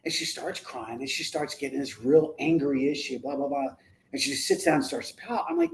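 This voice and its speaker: A man in his forties telling a personal family story as a parent on a talk show, earnest and emphatic, breaking into louder, higher bursts at key moments. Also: a little fast, slight background noise, poor audio. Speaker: parent of the guest.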